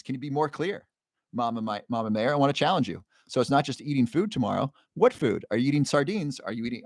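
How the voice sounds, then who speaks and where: A man hosting a live stream, reading viewer comments and coaching them with quick, earnest questions. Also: medium pitch, no room sound, studio quality. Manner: encouraging, coaching with rapid questions; earnest, emotional at times. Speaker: livestream host.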